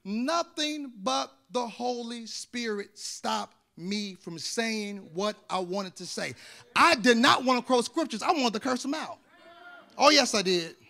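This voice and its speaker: A man pastor preaching with animated storytelling, repeating words in bursts and building to loud shouts. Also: extremely high pitch, measured pace, vocal fry. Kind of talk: sermon.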